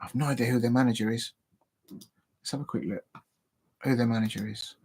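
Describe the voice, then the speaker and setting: A man's voice: mid-range voice, steady tone, brisk, vocal fry, a little mellow, husky. A man from England hosting a live football show, casually rambling through match predictions and chatting to his viewers. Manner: rambling, self-deprecating, talks to viewers.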